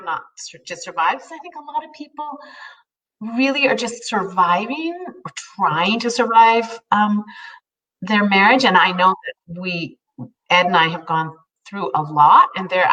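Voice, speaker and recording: A woman's voice: mid-range voice, moderate pace, far from the mic, dull audio. A woman in her fifties chatting casually as co-host, telling stories with lots of laughter and acted-out quotes. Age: 50s. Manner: animated storyteller, laughs often, acts out quotes. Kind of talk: casual chat.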